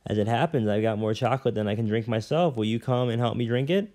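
A man's voice: medium pitch, fast, mellow, close to an everyday voice. A man reading aloud, voicing a beautiful young lady who sweetly coaxes a child in a storybook. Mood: coaxing.

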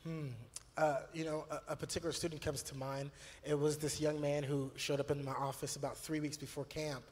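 A man's voice: medium pitch, in a large hall, slight background noise. A man, a youth pastor, talking earnestly and telling stories with many fillers and restarts. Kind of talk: church video conversation.

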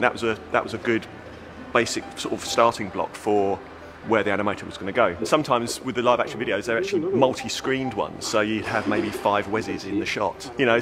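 A man from an animation crew explaining their process in an interview, with fillers. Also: lowish voice. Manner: quick, with fillers.

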